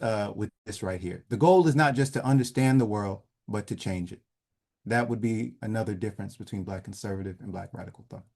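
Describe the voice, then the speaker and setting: A man giving a measured lecture over slides in an online session, trailing off softly at the ends of phrases. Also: medium pitch. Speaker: presenter leading an online session. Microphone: video call.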